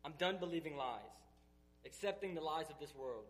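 A man's voice: a little high, lively intonation, normal speed. A man giving an emotional church testimony, earnest and emphatic, sounding tearful. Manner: earnest, emphatic, building intensity.

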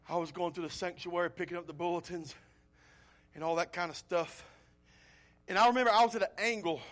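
A male pastor preaching a sermon, swinging from loud pleading appeals to quiet, low storytelling.

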